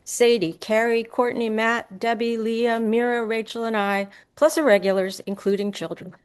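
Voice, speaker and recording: A woman reading a personal essay aloud at a live event, crisp and brisk, brightening when she quotes people. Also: on the high side, flat delivery. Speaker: essay reader.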